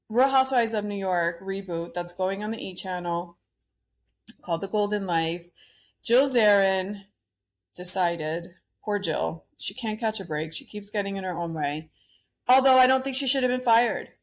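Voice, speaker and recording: A woman hosting a solo podcast, ranting bluntly and opinionatedly about pop culture and swearing freely. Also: mid-range voice. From Cuban-American. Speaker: podcast host.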